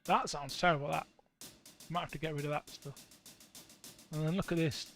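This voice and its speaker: Brief: young guy, high pitch, playful and rambling, livestream producer chatting to his audience. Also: steady tone, moderate pace, music in the background. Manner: playful, rambling, jokey asides to chat. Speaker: band member streaming music production. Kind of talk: casual livestream chat while producing.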